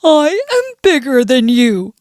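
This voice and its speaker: Girl doing a shrill, hot-tempered bear. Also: big pitch swings, no room sound, studio quality, heavily acted. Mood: angry whiny. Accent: Indonesian. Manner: yelling, wailing, drawn-out. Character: hot-tempered greedy male bear, whiny and loud. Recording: faint background music.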